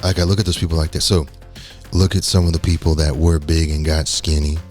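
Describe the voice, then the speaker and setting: A man's voice: a bass voice, steady tone, brisk, a little mellow, soft background music. A man co-hosting a podcast in casual chat, frank and joking with slangy turns of phrase. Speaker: podcast co-host.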